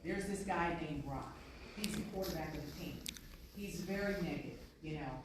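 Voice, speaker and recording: A woman's voice: deep voice, moderate pace, background noise. A woman giving an earnest, story-driven motivational speech to an audience in a large conference room. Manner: earnest, storytelling, repeats points. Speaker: keynote speaker. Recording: echoey hall from far off.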